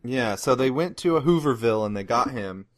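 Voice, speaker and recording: A man hosting a loose comedy history podcast, talking in a middle-pitched voice. He rambles through the story with filler words and swearing, and keeps breaking into laughter. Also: animated, fairly quick. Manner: rambling, profane, laughs often. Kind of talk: casual comedic history chat.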